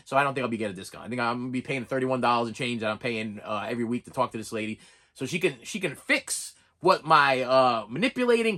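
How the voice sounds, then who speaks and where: Speaking to camera on his own channel, a middle-aged man with a mid-range, pushed, bright voice delivers a candid monologue. He vents and wanders, with plenty of restarts and some dry humor.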